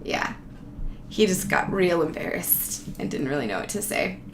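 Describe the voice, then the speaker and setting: A woman's voice: fairly low pitch, sing-song, moderate pace, vocal fry. Sweary woman telling a story, roomy sound. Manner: profane, sarcastic, rambling. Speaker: vlogger telling a travel story. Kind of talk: casual storytelling. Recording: roomy echo, faint background noise.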